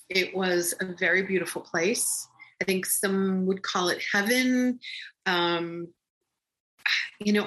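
Bright-toned woman telling a personal story. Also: lowish voice. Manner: rambling, with frequent ums and restarts. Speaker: storyteller recounting a personal experience.

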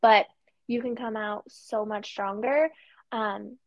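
A woman, a military spouse, chatting casually on a podcast in a lively way, laughing often and acting out what people say. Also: mid-range voice, slow, dry recording, dull audio. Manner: lively, acts out quoted voices, laughs often.

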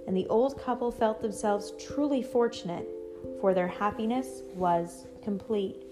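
Woman storyteller, bedtime story reading, gentle, even, mid pitch, soft music playing behind. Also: a little slow.

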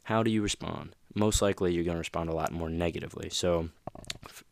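A man's voice: low-pitched, quick pace, creaky, no room sound. A man hosting a motivational podcast, talking casually with plenty of fillers and restarts. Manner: rambling, lots of fillers and you-knows. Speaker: podcast host.

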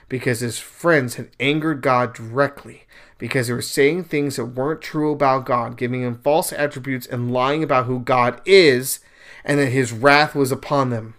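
A young man hosting a podcast, retelling a story in a casual, animated monologue, with sudden louder bursts. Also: medium pitch. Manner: animated storyteller, paraphrases scenes in bursts of raised voice. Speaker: podcast host. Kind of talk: casual religious commentary monologue.

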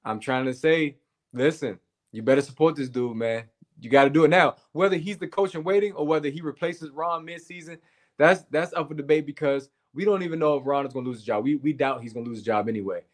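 Quick-talking DC sports co-host. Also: male voice, fairly high pitch. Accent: DC-area American English. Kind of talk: casual sports talk.

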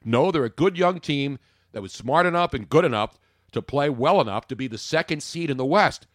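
Man, sports talk host, lively swooping pitch, dry close sound. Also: fairly quick, dry recording. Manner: emphatic, rhetorical questions, jokey asides.

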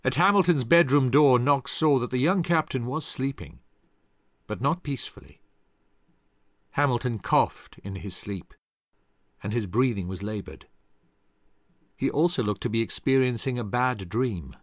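A man reading a scripted history narration in a dramatic, expressive way into a close studio mic. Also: medium pitch, measured pace, long pauses, dry recording.

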